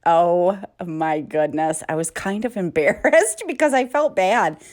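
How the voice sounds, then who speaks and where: A woman's voice: fairly low pitch, expressive, unhurried, darkish tone. A woman vlogger and mom, telling stories in a casual, chatty way while doing chores in her home kitchen, often laughing mid-sentence.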